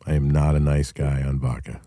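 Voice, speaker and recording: Male host, deep mellow voice, dry close sound, blunt profane storyteller. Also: little pitch movement, a little fast, no echo. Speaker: show host. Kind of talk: casual call-in chat.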